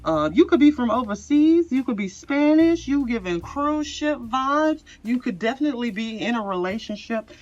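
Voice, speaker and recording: A woman's voice: fairly high pitch, lively intonation, moderate pace, few pauses, darkish tone. A woman giving a casual pick-a-card tarot reading, rambling and chatty with frequent laughs. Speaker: tarot reader. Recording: slightly dull lo-fi audio with faint music.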